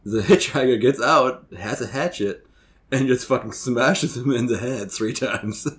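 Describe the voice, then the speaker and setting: A man's voice: medium pitch, a little slow. A man co-hosting a podcast, telling a story in a rambling way with many restarts. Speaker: podcast co-host. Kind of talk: casual podcast chat.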